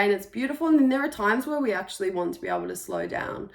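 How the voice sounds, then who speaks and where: A woman giving a spiritual energy reading for the month, talking in a gentle, reflective way with soft pauses. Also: medium pitch, sing-song. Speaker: intuitive energy reader.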